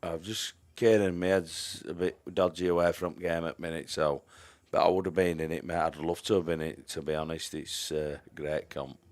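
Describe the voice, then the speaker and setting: A man's voice: low voice, fairly even intonation, normal speed, few pauses. A man giving chatty live-stream commentary on a pool match, greeting viewers by name and trailing off into mumbled asides.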